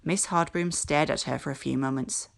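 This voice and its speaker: A woman teacher reading a children's book aloud in a clear, measured storytelling voice. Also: low voice.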